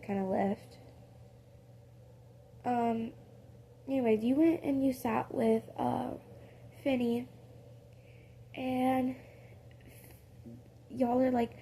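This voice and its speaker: Slow, rambling woman telling a story. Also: on the high side, steady tone, warm tone, a little hiss or hum. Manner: rambling, full of fillers and self-corrections. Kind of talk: improvised casual storytelling.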